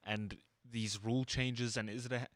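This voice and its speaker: A relaxed man co-hosting a sports show, telling stories in easygoing slang. His voice sits in a middle pitch, recorded close and dry with no room echo. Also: normal speed. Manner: laid-back, slangy, says dude and bro a lot. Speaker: co-host. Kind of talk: casual sports chat.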